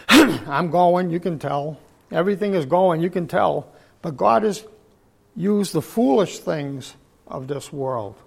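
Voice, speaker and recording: An older man preaching a sermon with a failing, hoarse voice. He clears his throat often and swings between loud emphatic outbursts and low murmurs. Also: lively intonation, takes it slowly. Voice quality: gravelly, husky.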